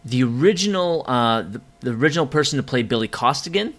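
A man co-hosting a casual movie podcast, chatting excitedly with lots of ums and frequent swearing. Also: mid-range voice, quick pace. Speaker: podcast co-host.

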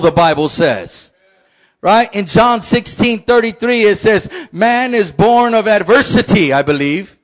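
A man, a pastor, preaching a lively sermon with shouted call-and-response. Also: high-pitched, moderate pace, rough recording.

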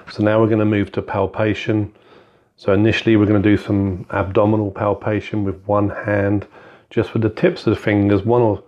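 A low-voiced man explaining an examination technique in an even, flat delivery. He talks methodically, with plenty of ums and uhs. The sound is dull and a little lo-fi. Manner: methodical, instructive, with frequent fillers. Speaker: clinical skills teacher. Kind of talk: spoken medical teaching walkthrough.

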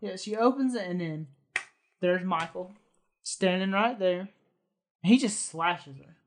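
A man's voice: sits high, measured pace, a little hiss or hum. A man retelling a film's story in a loose, rambling way. He fills his sentences with hesitant fillers and laughs often as he goes. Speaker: podcast co-host. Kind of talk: casual movie recap.

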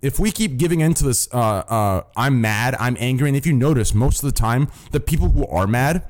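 A young man holds forth to his stream's voice chat, swearing freely and hammering his points with "listen" and "okay?". His voice sits in an ordinary middle pitch and he talks as the host of the call. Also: animated, brisk, a little mellow. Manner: swears constantly, repeats "listen" and "okay?", blunt. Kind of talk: casual profane stream rant.

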